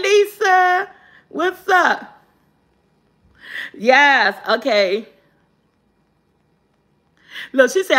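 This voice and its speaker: A woman hosting a live guessing game, reading clues slowly and cheering loudly when viewers answer right. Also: sits high. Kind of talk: casual live-stream chat.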